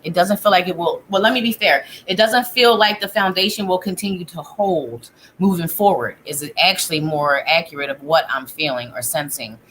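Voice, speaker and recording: A woman's voice: lowish voice, normal speed, few pauses, a bit bright, a little hiss or hum. A woman giving a live tarot reading in a chatty manner, thinking aloud and breaking off mid-sentence. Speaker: psychic tarot reader.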